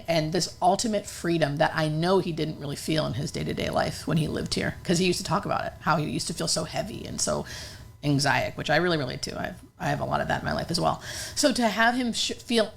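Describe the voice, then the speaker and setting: A woman's voice: on the low side, fast, creaky, slight background noise. A woman hospice nurse earnestly telling a personal story in conversation, emotional and full of fillers.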